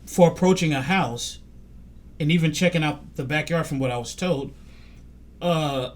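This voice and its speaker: Animated male podcast storyteller. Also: normal speed. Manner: animated storytelling, quotes others in lowered voice. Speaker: podcast host. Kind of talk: casual conversation.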